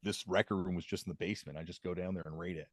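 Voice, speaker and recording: A man with a somewhat low voice tells rambling, laid-back stories on a podcast. His delivery is casual and full of fillers. The sound is dry and close to the mic, with no room around it. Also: fairly even intonation, very fast, no echo. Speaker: podcast co-host. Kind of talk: casual chat.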